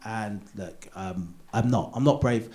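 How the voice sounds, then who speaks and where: A British man in his thirties doing live stand-up, chatty and confessional, building up to loud punchlines. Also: fairly low pitch, measured pace. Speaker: stand-up comedian. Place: theatre stage.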